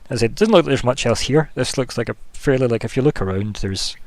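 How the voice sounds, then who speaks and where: A man's voice: medium pitch, animated, fast talker. A man narrating a tabletop game as game master, rambling casually with plenty of fillers. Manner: rambling, loose, full of fillers like "kinda" and "like".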